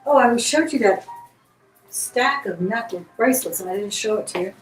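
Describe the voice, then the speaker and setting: A woman's voice: medium pitch, normal speed. Chatty woman selling jewelry live. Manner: chatty, describes pieces while handling them. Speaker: auction host. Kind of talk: live-stream jewelry sale. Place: indoor room. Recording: roomy echo, faint music behind.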